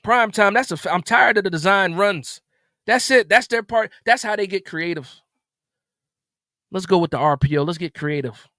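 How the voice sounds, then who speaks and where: A man's voice: sits high, normal speed, bright, forceful tone, dry recording, studio quality. A man hosting a live post-game reaction stream, upset and stammering with repeated words as he vents. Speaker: sports stream host.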